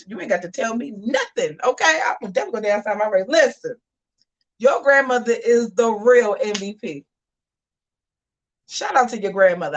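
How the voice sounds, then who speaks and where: A woman's voice: mid-range voice, far from the mic. Sassy woman hosting a live chat show. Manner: animated, sassy, talks back to chat. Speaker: host of a live commentary show. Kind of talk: livestream commentary reading chat.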